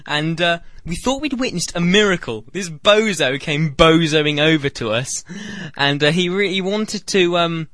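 A man's voice: animated, unhurried, hardly any pauses, fairly bright tone, no echo. A man hosting a comedy radio show, rambling through a mocking story and slipping into silly voices. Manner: mocking, breaks into silly high put-on voices.

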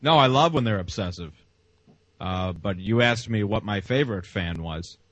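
A man's voice: fairly low pitch, lively intonation, moderate pace, a bit bright, no echo, lo-fi sound. Blunt, sarcastic male show host. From United States. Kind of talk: casual interview chat.

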